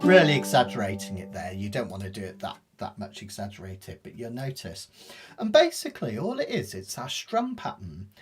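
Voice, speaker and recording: A man teaching ukulele live, talking quickly in a chatty, self-deprecating way while he explains a strumming technique. His pitch swings up and down a lot as he talks. A ukulele is clearly heard strumming behind his voice. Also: very animated, soft background music. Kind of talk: live online music lesson.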